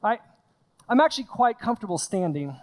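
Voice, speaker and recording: A man's voice: high voice, big pitch swings, brisk. A man preaching a sermon from a stage in a conversational way, acting out scenes and often repeating his words. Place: stage in front of a congregation.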